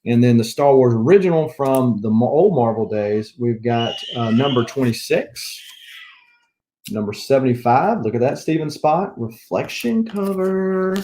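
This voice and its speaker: A man's voice: mid-range voice, lively intonation, measured pace, warm tone, slight background noise. A man with a Southern US accent chatting casually as a comic book collector vlogger, rambling as he lists items one by one. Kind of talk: casual show-and-tell chat.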